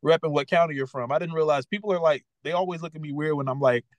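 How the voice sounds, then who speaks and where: A young man from talks in a loose, rambling way, leaning on fillers as he co-hosts a casual chat show. His voice sits a little higher than most men's. The sound is dry and close, with no room around it. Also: fast, no room sound, poor audio. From Maryland, USA. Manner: laid-back, rambling, lots of "like" and "bro". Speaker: podcast co-host.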